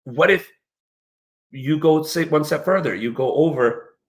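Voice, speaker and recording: A middle-aged man co-hosting a casual parenting talk, animated and explaining with acted-out examples. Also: on the high side. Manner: animated, acts out parent and child lines in quick quoted voices. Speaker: martial arts instructor co-hosting a parenting talk. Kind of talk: casual instructive chat.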